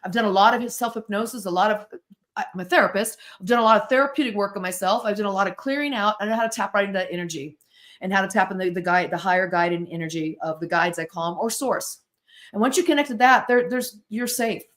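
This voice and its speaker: An American woman in her sixties talks very quickly as a podcast guest. She tells her stories in an animated way and acts out dialogue and sounds as she goes. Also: medium pitch. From United States. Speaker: guest, spirit-board author and therapist. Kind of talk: storytelling in a podcast interview.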